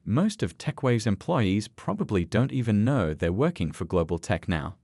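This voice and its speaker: A man narrating a scripted story in a low voice. His pitch moves in lively rises and falls as he tells it. The sound is dry and close. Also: moderate pace, dry recording.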